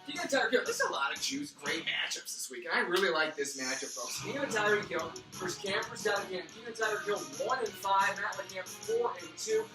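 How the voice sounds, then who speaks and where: A man's voice: high voice, expressive, brisk, few pauses. A man hosting a mock sports-analyst fantasy football preview. He rambles off into pun tangents while losing his voice. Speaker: fantasy football league host. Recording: roomy, distant mic with music behind.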